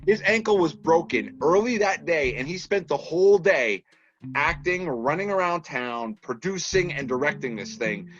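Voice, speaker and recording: A man from Massachusetts, a guest on a podcast, telling stories in a casual, animated way with plenty of restarts. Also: on the high side, normal speed. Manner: animated storyteller, lots of restarts and laughs. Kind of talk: casual interview chat. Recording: dull lo-fi podcast audio with faint music.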